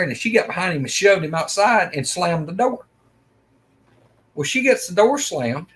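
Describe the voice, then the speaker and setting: Middle-aged man, slightly high voice, rambling folksy storyteller. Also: a bit bright. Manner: folksy, rambling, acts out quoted lines. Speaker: storyteller of a personal encounter. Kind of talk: casual first-person storytelling.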